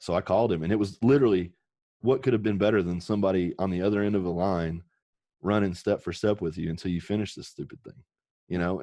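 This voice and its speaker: A podcast guest with a very deep, slightly mellow voice tells personal stories candidly, earnestly and with emotion, swearing casually now and then. The recording is dry and close, with no room sound around it.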